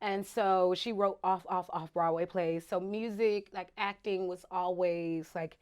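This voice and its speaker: A woman's voice: on the low side, measured pace, clear, resonant tone. A woman from Virginia with a shifting Southern accent, telling stories as a guest in a casual interview, acting out quotes with laughter. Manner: animated storytelling with voiced quotes and laughter. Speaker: actress guest.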